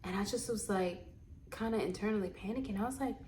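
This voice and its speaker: A young adult woman casually telling stories to camera. She is animated, laughs, and acts out what people said. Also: medium pitch, quick pace, reverberant, slight background noise. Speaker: vlogger and actor.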